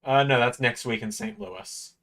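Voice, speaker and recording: A young man hosting a casual watch-along stream with an ordinary mid-range voice. He is chatty and quick with knowledgeable asides. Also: medium pitch, lively intonation, vocal fry, pushed and bright. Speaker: host.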